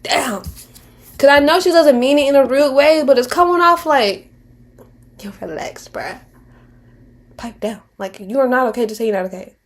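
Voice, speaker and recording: A woman's voice: high voice, a little fast. A woman in her twenties giving casual commentary on a reality show, candid and slangy, rambling with restarts and mocking impressions. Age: 20s.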